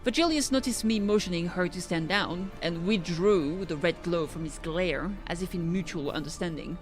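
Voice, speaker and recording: A woman's voice: lowish voice, normal speed, faint music behind. A woman streamer reading a game's story aloud, sometimes stumbling and correcting herself.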